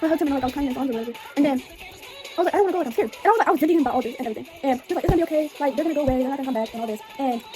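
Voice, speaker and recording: High, rapid-fire young woman storyteller. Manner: rambling, excited storytelling with many fillers. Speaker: vlogger. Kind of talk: get-ready-with-me storytime. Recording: music playing in the background.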